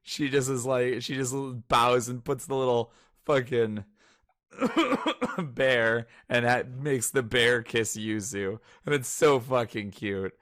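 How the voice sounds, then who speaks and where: A young man co-hosting a casual manga chat, profane and excitable, sometimes mimicking characters. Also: mid-range voice, a little slow, no echo, studio quality. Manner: profane, excitable, breaks into mock character voices. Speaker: podcast co-host.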